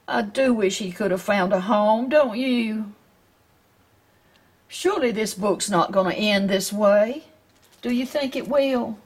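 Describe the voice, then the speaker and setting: A woman with a Southern US accent reads a children's picture book aloud at a slow, unhurried pace. Her voice is slightly husky, and her manner is gentle as she keeps asking the young listeners questions. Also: medium pitch. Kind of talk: storybook read-aloud.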